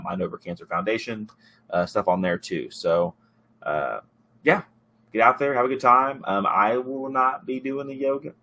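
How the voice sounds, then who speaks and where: A man hosting a podcast in casual chat, rambling and relaxed with many fillers and restarts. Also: fairly low pitch. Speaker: podcast host.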